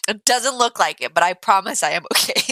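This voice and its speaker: A woman's voice: medium pitch, expressive, fairly quick, pushed and bright, no echo. A woman streaming a game live, laughing nervously and assuring viewers she is fine.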